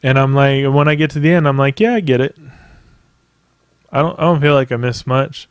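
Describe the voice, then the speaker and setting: A man's voice: medium pitch, fairly even intonation, fast talker, clean tone, dry recording, studio quality. A man hosting a podcast by himself, ranting in a casual, rambling way with plenty of profanity and emphatic asides. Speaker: podcast host. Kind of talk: casual solo podcast rant.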